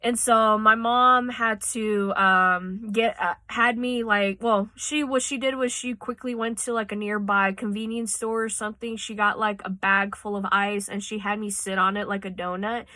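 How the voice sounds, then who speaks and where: A woman's voice: medium pitch, steady tone, moderate pace, hardly any pauses, sharp tone, no echo. A woman telling a personal story in a casual vlog, rambling and cursing freely, tearing up as she talks. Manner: rambling, tearful at times, swears freely. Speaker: vlogger. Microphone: phone.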